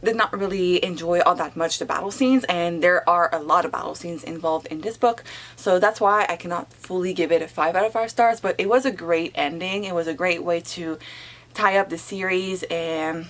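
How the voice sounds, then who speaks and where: A young woman chatting in a casual reading vlog, animated and full of filler words. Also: on the low side, normal speed. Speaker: book vlogger.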